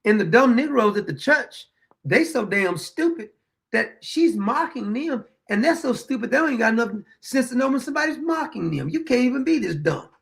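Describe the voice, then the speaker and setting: Blunt, gravelly high-voiced male commentator. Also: very animated, a little fast, fairly bright tone. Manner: blunt, combative, rhetorical questions; dry chuckles between points. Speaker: show host. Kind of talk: opinion commentary monologue.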